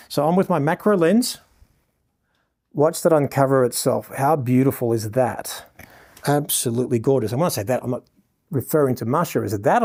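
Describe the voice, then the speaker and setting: Mellow Australian man teaching photography. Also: medium pitch. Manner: effusive, showering the model with praise; explains settings step by step to viewers. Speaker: photographer teaching a lighting lesson. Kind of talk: live instruction while shooting a portrait session.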